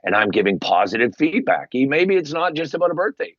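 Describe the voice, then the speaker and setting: A man, a guest on an interview show, telling stories with lively, emphatic delivery and acted-out quotes. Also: a little fast, no room sound, dull audio. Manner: animated storyteller, acts out quotes with big pitch jumps. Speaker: guest, paid sports superfan. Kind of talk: casual interview talk.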